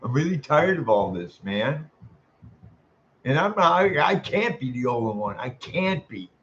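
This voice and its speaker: A man's voice: medium pitch, very animated, measured pace, fairly bright tone, dull audio, a little hiss or hum. A man venting in an angry, profanity-laced monologue, exasperated and repeating himself. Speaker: vlogger.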